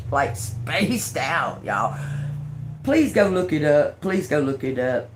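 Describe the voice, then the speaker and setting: A woman's voice: sits low, very animated, slow, a little hiss or hum. A woman hosting a casual livestream as a tarot reader, rambling emphatically and talking straight to her viewers. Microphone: phone or webcam livestream.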